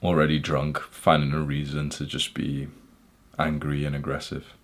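A man from England, hosting a podcast, candidly recounting his childhood in an intense, halting way. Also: rumbling low, monotone. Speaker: podcast host. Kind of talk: personal storytelling monologue.

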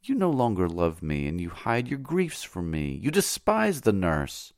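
A man's voice: huge pitch swings, a little slow, dry recording, clean studio sound, exaggerated voice. A man voicing an old female slave nurse who grumbles and frets, with a pleading, raised tone. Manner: fretful, pleading, raised pitch.

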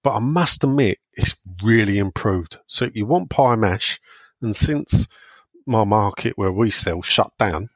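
Rambling man, mid-pitched. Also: measured pace, no room sound. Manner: rambling, chatty storyteller. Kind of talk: casual banter.

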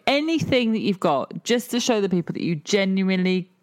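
A woman's voice: mid-range voice, big pitch swings, brisk, a little mellow. A woman, co-hosting a casual chat, teasing and cheeky. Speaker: co-host.

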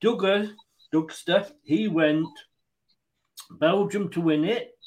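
A man's voice: high voice, takes it slowly, low-quality recording. Joking man hosting a football chat. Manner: joking, laughs often, reads out listener picks. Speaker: podcast host. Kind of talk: casual football prediction chat.

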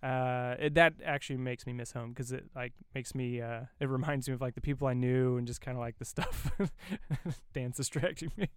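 A man's voice: mid-range voice, steady tone, normal speed, clear, resonant tone, no echo, studio quality. A man from Indiana, a military veteran, rambling and laughing through casual podcast banter. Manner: rambling, easily amused.

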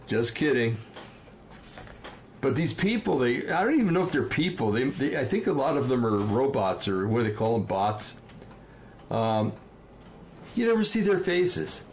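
A man from New Jersey talks on his own livestream at a middle pitch, rambling and worked up, full of fillers and apologies. The audio is slightly dull and lo-fi, with a faint hiss behind him. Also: sing-song, measured pace, pauses often. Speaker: livestream host. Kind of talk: casual livestream commentary.

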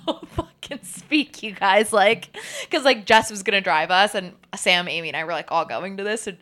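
A woman's voice: on the high side, bright, forceful tone. A woman in her twenties, co-hosting a podcast and telling a story in casual chat, full of "like" and the odd swear. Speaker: podcast co-host.

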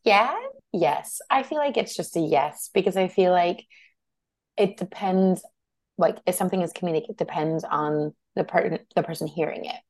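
Gravelly low-voiced woman, chatty. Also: moderate pace, a little mellow, dry recording. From Washington State. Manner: chatty, loose phrasing, digresses. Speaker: podcast co-host. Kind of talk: casual chat.

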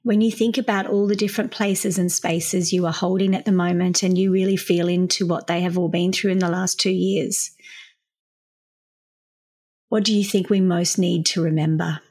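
A woman hosting a podcast interview, gentle and apologetic in her questions, with faint music behind her. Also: fairly low pitch, fairly even intonation, moderate pace, breathy edge. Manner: gentle and apologetic, thanks warmly. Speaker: podcast host.

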